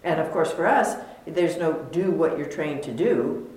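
A woman leading a spiritual question-and-answer session, playful and thoughtful, pausing often with fillers. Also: low-pitched, expressive, darkish tone. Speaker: spiritual teacher. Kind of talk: dharma talk Q&A. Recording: echoey hall, faint noise.

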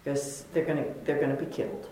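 Low-voiced lady teacher, playful, lots of ums, big echoey hall. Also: level tone, warm tone. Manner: playful, halting with fillers. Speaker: spiritual teacher. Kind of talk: dharma talk Q&A. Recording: echoey hall, faint noise.

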